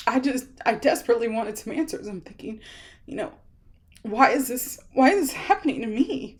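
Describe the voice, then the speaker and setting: Woman in her thirties, slightly high voice, tells a personal story to camera in a halting, rambling way. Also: lively intonation. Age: 30s. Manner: rambling, halting, with many fillers and restarts. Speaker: vlogger sharing her illness story.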